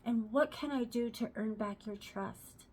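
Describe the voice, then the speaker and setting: Woman doing a sorry partner begging forgiveness, pleading, over the top, highish voice. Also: unhurried, a little mellow, slightly rough. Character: remorseful partner gushing tearful apologies.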